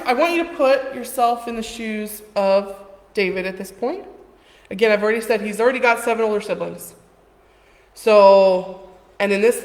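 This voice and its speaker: A woman giving an informal, conversational sermon in a church, telling the story with quoted voices. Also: mid-range voice. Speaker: preacher. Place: church hall. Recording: echoey hall with long reverb.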